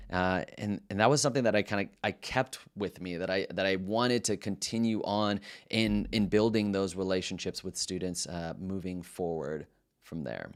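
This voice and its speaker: A male middle school teacher shares classroom stories in a relaxed, reflective way. His voice sits on the low side, and he trips over his words and restarts them as he thinks aloud. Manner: earnest and reflective, loose with many restarts. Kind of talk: casual storytelling to camera.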